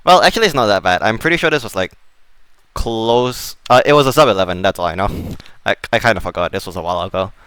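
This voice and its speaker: A man's voice: fairly low pitch, animated, fast, fairly bright tone, smooth, no room sound. A young man giving casual, self-mocking commentary over his own gameplay. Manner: offhand, self-mocking, chuckling. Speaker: gamer.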